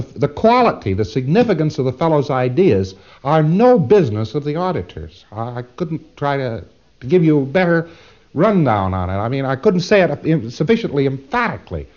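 A man's voice: medium pitch, a little mellow. A man giving an informal lecture to a class, rambling and repeating words as he drives a point home. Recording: dull lo-fi tape recording.

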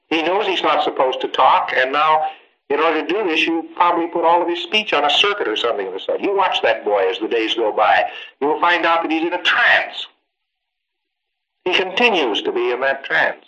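Male lecturer, bright and pointed, emphatic, quips and rhetorical asides, dull old tape. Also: a little high, sing-song, a little fast. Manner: emphatic, acts out exchanges, rhetorical questions. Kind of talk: informal training lecture.

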